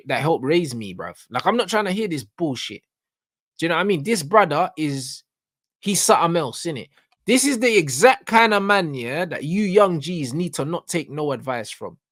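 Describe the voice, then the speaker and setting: A London-accented man holds forth on a reaction show with a high, insistent voice. He talks in heavy street slang, pressing his points hard and pausing to ask whether you're following. The sound is dry and close, with no room around it. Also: a bit bright, no echo. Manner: emphatic, street slang, keeps asking "you get me". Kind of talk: ranting reaction commentary.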